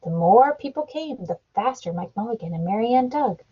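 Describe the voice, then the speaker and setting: A woman, a mother, reading a picture book aloud to her child at home, animated and playing up the sound effects. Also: a little high, fairly quick, slightly rough. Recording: dull lo-fi home recording.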